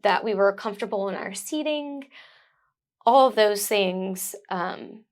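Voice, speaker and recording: A woman's voice: mid-range voice, a little slow. A young mother as a guest in an interview, speaking in a heartfelt, effusive way. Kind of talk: conversational interview.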